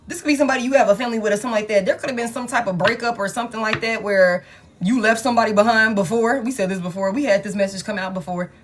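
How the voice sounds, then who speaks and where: A woman's voice: on the high side, rapid-fire, slight background noise. Blunt, exasperated woman reading tarot. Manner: blunt, exasperated, swearing, repeats phrases for emphasis. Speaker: tarot reader. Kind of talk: live collective tarot reading.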